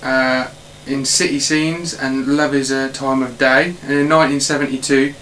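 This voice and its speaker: A man hosting a casual film podcast, reading out facts in a halting way with many fillers. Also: medium pitch, flat delivery, a bit bright, a little hiss or hum, low-quality recording. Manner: halting, filler-heavy delivery. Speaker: podcast host.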